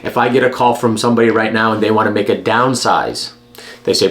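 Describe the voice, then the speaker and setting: A man's voice: on the low side, fairly even intonation, brisk, fairly bright tone. Blunt, emphatic man giving advice. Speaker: real estate agent. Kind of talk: direct-to-camera advice vlog.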